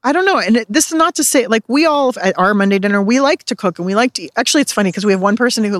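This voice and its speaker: A woman's voice: on the high side, lively intonation, racing, hardly any pauses, dry recording, studio quality. A woman chef talking casually in an interview, rambling with lots of fillers, recorded outdoors in her garden. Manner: chatty, rambling, many "like" fillers. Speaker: chef and cookbook author.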